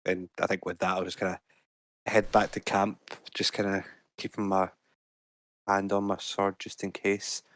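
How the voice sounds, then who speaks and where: Hesitant low-voiced man playing a tabletop game. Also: completely flat delivery, normal speed, fairly bright tone, no echo. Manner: hesitant, lots of ums, thinks aloud. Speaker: player. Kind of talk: casual tabletop play.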